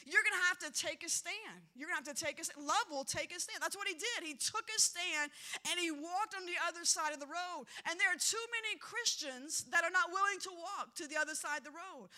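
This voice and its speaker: A woman preacher delivering a sermon with passion, repeating key lines and swinging between loud emphasis and quiet asides. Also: high voice, normal speed.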